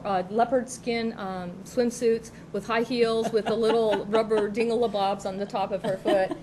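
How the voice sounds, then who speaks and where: A middle-aged woman chats on a small TV talk show, spinning long, rambling stories. She breaks into laughter as she goes. Her pitch sits in an ordinary middle range, with a faint hiss in the background. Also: a little mellow, poor audio. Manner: rambling, chatty, laughs often while telling stories. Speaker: co-host. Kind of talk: casual chat, personal storytelling. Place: local TV studio.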